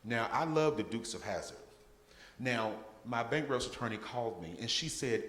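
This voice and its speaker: A man's voice: medium pitch, lively intonation, normal speed, a bit bright. A man giving a guest testimony at a church service, telling his story with humor and laughter. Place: church sanctuary. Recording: echoey church hall.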